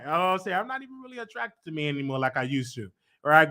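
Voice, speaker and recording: A man hosts his own show in a loose, rambling monologue. His voice is bright and forward, full of fillers and restarts, and it breaks into loud teasing bursts. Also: fairly high pitch, lively intonation, fast talker. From United States. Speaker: show host. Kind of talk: casual live-stream monologue.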